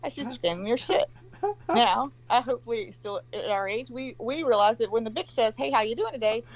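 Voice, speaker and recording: A woman's voice: on the high side, a little fast, highs cut off. Blunt, profane woman telling stories. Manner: blunt, profane storytelling with mimicked quotes. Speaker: guest. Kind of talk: casual livestream chat.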